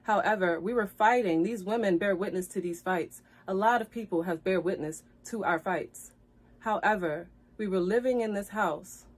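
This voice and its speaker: A woman's voice: mid-range voice, moderate pace. A woman vlogger earnestly telling the story of a past relationship, apologizing often, repeating herself and growing heated and tearful. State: tearful at times. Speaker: vlogger telling her side of a breakup. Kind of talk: emotional storytime vlog.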